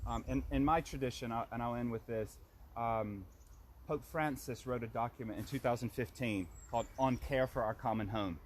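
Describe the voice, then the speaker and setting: A man's voice: medium pitch, moderate pace. A man guiding a walk and telling a story in a casual, chatty way, with plenty of restarts. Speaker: walk guide and community organiser. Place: outdoors by a community garden. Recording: loud outdoor noise with passing traffic.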